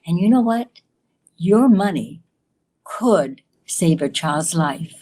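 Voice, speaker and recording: A woman guest appeals for donations at a slow, deliberate pace. Her voice sits slightly low. She sounds earnest. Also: animated, dark tone.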